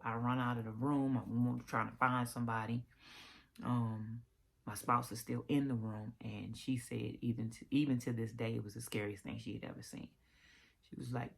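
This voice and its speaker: A woman vlogger tells a personal story in a casual, heartfelt way. Her voice is gravelly and husky, with a fry at the ends of her phrases. She sometimes drops to a whisper and restarts her sentences. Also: extremely low pitch, darkish tone. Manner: emotional retelling with restarts and whispered asides.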